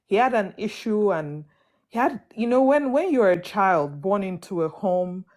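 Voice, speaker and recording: A woman speaking as a panelist, making her point in a measured, reflective way. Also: mid-range voice, expressive, a little mellow. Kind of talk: panel discussion.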